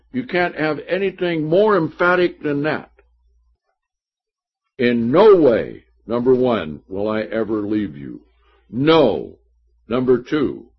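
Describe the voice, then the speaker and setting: In a dull lo-fi recording, a man with a breathy-edged, medium-pitched voice delivers slow, emphatic Bible teaching. He reads passages of scripture aloud and stresses each point forcefully.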